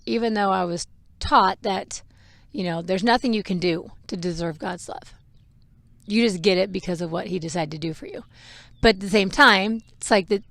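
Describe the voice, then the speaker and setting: A woman's voice: mid-range voice, fairly bright tone, dry recording. A mother hosting a podcast, telling a personal story in a frank, emotional way with laughs and the odd swear. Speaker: podcast host.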